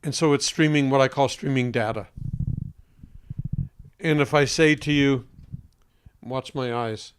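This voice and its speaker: A man working as a voice coach, speaking to an interviewer in a deliberate, emphatic way with pointed pauses and a singer's trained voice. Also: medium pitch, steady tone, slight background noise.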